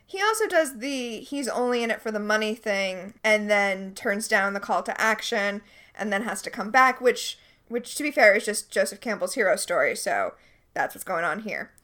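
A woman co-hosting a podcast, recapping a TV episode in a quick, chatty way with playful asides. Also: medium pitch, expressive, sharp tone. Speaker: podcast co-host. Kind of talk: casual chat recapping a TV episode.

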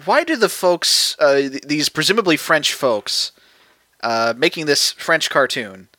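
A man's voice: a little high, lively intonation, measured pace, pushed and bright, dry recording. A man co-hosting a podcast, joking and a bit self-deprecating in casual chat. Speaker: podcast co-host.

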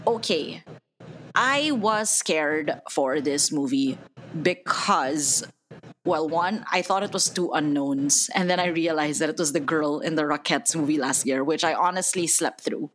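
A woman's voice: sits low, unhurried, low-quality recording. A woman co-hosting a podcast, chatting casually and with strong opinions about a movie, laughing often. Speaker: podcast co-host. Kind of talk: casual movie review chat.

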